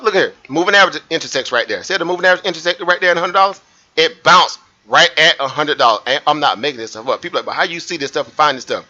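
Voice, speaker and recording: Bright-voiced man hosting a trading stream. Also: on the high side. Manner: animated, repeats himself, asks viewers rhetorical questions. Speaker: trading livestream host. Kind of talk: live market commentary over a chart. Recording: muffled lo-fi stream audio.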